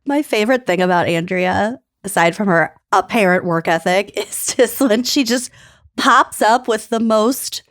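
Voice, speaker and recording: A woman's voice: medium pitch, a little slow, fairly bright tone, no echo, studio quality. A woman co-hosting a chatty podcast who tells stories with frequent giggles. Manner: giggly, storytelling. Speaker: podcast co-host. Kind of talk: casual chat.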